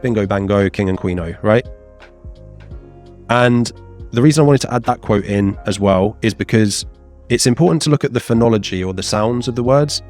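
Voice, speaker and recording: A man in his thirties with a lowish voice leads a casual exam revision lesson. He sounds chatty and animated and keeps putting on playful voices to act out the quotes. Faint music plays softly underneath. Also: moderate pace. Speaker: teacher.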